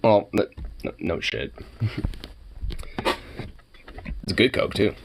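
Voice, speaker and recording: A man's voice: on the low side, steady tone, slow pace, slight background noise. A man from Oregon giving casual reaction commentary, rambling, swearing freely and laughing often. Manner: rambling, profane, laughs a lot. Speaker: reaction video host.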